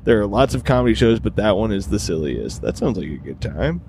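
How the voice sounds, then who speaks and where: A man's voice: lowish voice, very animated, a little fast, a little mellow, a little hiss or hum. Laid-back man hosting a podcast. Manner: laid-back, rambling, swears casually. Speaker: podcast host, stand-up comedian. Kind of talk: casual podcast chat.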